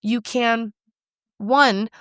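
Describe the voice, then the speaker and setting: A woman's voice: on the high side, very slow, no echo, studio quality. A young woman hosting a solo coaching podcast, talking bluntly and with energy. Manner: blunt, animated, casual swearing. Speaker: podcast host, nutrition coach.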